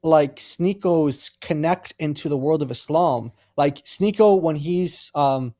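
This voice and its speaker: High-voiced man, mellow emphatic commentary. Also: slow pace. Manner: emphatic, argues his point. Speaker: co-host. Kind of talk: livestream commentary.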